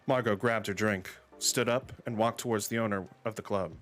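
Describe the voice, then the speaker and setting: A man reading an amateur story aloud, with casual, deadpan asides. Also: on the low side, normal speed, few pauses, faint music behind.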